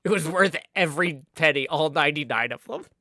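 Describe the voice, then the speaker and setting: A man's voice: fairly high pitch, lively intonation, a little fast, pushed and bright, no echo, clean studio sound. A man casually chatting and calling his moves while streaming a card game, joking as he goes. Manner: playful, chatty, joking asides. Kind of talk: casual live-stream chat and play-by-play.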